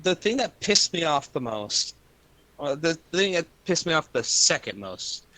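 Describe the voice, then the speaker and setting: A man's voice: on the high side, very animated, measured pace, bright, forceful tone, dry recording. A young man streaming and ranting about his work day in casual chat, cursing a lot and filling with "like". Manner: profane, rambling venting with lots of fillers.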